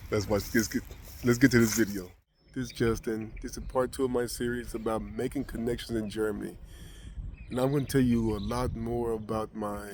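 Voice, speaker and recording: A man's voice: lowish voice, darkish tone, a little hiss or hum. An American man vlogging, telling a personal story casually with many restarts and fillers. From United States.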